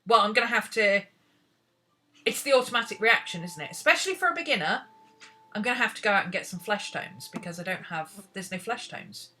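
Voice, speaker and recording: A woman's voice: mid-range voice, lively intonation, a little fast, bright, forceful tone. A British woman teaching painting in a casual, rambling tutorial, chatting and talking to herself as she works. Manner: chatty, rambling, talks to herself while searching. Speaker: art teacher.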